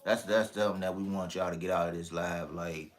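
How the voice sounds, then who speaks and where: Deep-voiced man preaching to viewers. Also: fairly even intonation, a little fast. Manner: earnest, addresses the audience directly as "y'all". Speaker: co-host of a live stream. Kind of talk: testimony to viewers.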